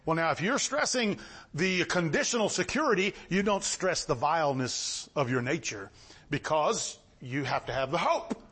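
A man preaching a sermon, reading scripture aloud and swinging between low, measured reading and high exclamations. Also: lively intonation, a bit bright, husky. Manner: reads scripture in King James wording.

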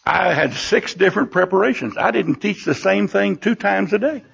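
An older man preaching a sermon in a church. He tells personal stories and bursts into animated exclamations. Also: high voice, moderate pace, gravelly, breathy edge. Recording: dull lo-fi recording.

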